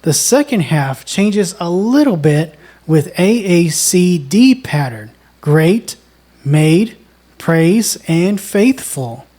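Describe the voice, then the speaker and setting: A woman co-hosting a songwriting lesson, explaining in a measured, deliberate way. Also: lowish voice, big pitch swings, mellow. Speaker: songwriting co-host. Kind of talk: instructional conversation.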